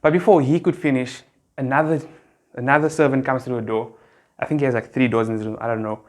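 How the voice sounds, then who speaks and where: A young man from South Africa speaks straight to camera in a relaxed, conversational way, as if explaining the story to friends. His voice sits at an ordinary middle pitch, and the talk is loose and full of casual fillers. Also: quick pace. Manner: laid-back and chatty, full of slang and fillers. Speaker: youth group speaker.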